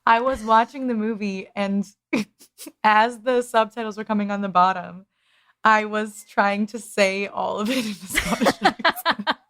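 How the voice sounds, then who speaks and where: A woman's voice: mid-range voice, measured pace, fairly bright tone. Playful woman podcast co-host. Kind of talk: casual podcast chat.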